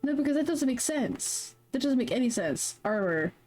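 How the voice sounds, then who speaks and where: A woman with a high, sing-song, darkish voice chats at a moderate pace on a casual livestream. Music plays in the background, and between her flustered, confused, swear-heavy remarks she sings along.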